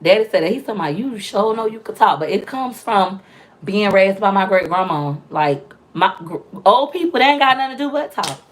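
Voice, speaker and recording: A young woman chatting loudly and talkatively with viewers on a casual live stream, telling stories with playful, animated quoted voices. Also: medium pitch, a little fast. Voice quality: loud, talkative. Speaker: livestream host.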